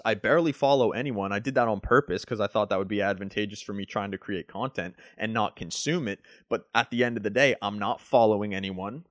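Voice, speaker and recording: A man, a fitness coach, talking through a solo podcast in a loose, rambling way and tagging his points with "right?". His pitch sits in the middle range, and the sound is close and dry. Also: no echo. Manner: casual, rambling, leans on "like" and "right?".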